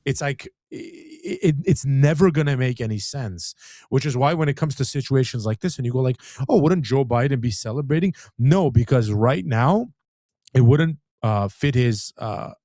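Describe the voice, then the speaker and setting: A man co-hosts a casual live commentary stream, talking fast and loose, full of restarts and filler words. His voice is dark and mellow. The sound is close and dry. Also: medium pitch, lively intonation, no echo. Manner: rambling, many restarts and filler "like". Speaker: co-host.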